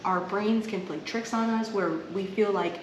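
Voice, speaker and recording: A woman's voice: medium pitch, steady tone, moderate pace. A woman co-hosting a podcast, telling personal stories in an earnest, open, emotional way. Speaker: podcast co-host. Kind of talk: casual chat. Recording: echoey room, faint noise.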